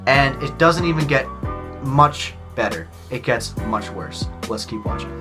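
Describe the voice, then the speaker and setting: A man talks through a tennis match in a casual, chatty way, explaining each step as he goes. He keeps dropping "like" into his speech. Clear music plays underneath. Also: mid-range voice, expressive, a little slow. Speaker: video host reacting to a match. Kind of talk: casual commentary.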